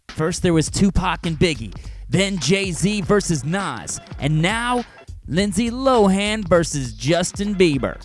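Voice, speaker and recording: Animated jokey male podcast host. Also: high voice, slow pace, music in the background. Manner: jokey, playful delivery with put-on quotes. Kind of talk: comedic monologue and interview chat.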